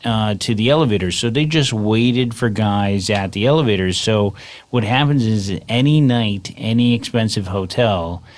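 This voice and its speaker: A man's voice: fairly low pitch, moderate pace. A male comedian guest telling a rambling, casual anecdote on a comedy podcast.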